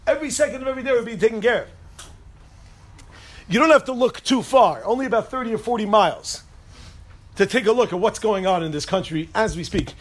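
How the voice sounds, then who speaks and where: A man's voice: high-pitched, expressive, fairly quick, long pauses. A man giving an informal Torah talk to a group, rambling, interrupting himself and cracking jokes. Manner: rambling, self-interrupting, joking. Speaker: Torah teacher speaking to a group.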